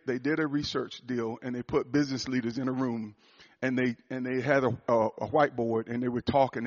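A man giving a sermon-style talk to a church audience, swinging into loud emphatic preaching. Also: medium pitch. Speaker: speaker at a church gathering. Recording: muffled lo-fi recording.

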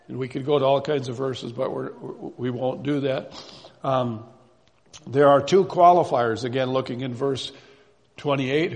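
A man preaching a sermon in a measured way, repeating key phrases for emphasis. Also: medium pitch, gravelly, darkish tone. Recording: reverberant hall.

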